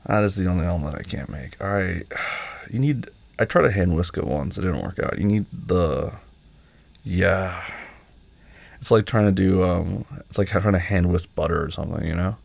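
A young man speaks as the listener's boyfriend in a one-sided role-play, gentle and teasing. His voice is low and full of vocal fry, with a husky, rough edge. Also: normal speed, dry recording. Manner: gentle, teasing and affectionate, laughs often.

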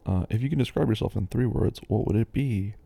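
A low, husky American man chats casually as he works through listener questions. His sound is very dark and mellow. He rambles, circling back with fillers and restarts. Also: fairly quick, dry recording. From United States. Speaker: host answering listener questions. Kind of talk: casual chat.

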